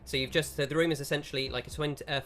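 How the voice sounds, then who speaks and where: A man running a tabletop game as game master, describing scenes in an unhurried way and giving players instructions. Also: fairly high pitch, fairly even intonation, a bit bright, a little hiss or hum.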